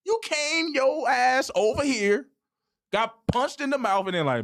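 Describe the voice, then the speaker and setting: A man's voice: extremely high pitch, big pitch swings, measured pace, fairly bright tone. A man co-hosting a sports talk show, ranting and mock-quoting others in casual slang. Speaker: podcast co-host.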